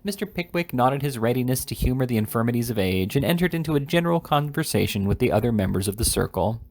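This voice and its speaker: A man narrating a classic novel as an amateur audiobook reader, steady with small stumbles. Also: medium pitch, fast.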